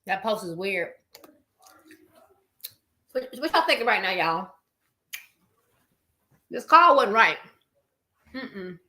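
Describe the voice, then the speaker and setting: A woman's voice: medium pitch, very animated, slow, long pauses, pushed and bright. A woman giving a casual reaction commentary on an emergency call, blunt and talking straight to her viewers. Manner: blunt, talks to viewers as "y'all".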